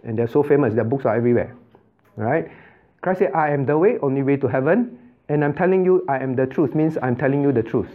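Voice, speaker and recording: A man's voice: mid-range voice, fast. Emphatic male pastor, tinny phone-like sound. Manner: emphatic, repeats key words and quizzes listeners with "right?". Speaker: pastor teaching a Bible class. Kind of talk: interactive Bible study teaching.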